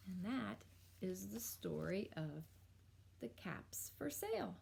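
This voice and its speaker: Slow, expressive teacher reading aloud. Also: female voice, mid-range voice, creaky, slight background noise. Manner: expressive, drawn-out storytelling with asides. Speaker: elementary school teacher. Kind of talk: reading a picture book aloud to children.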